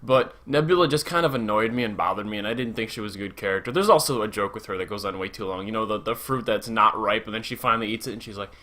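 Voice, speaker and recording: A man giving a casual spoken movie review, animated and chatty, full of "like" and mild swearing. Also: lowish voice, fast talker, hardly any pauses.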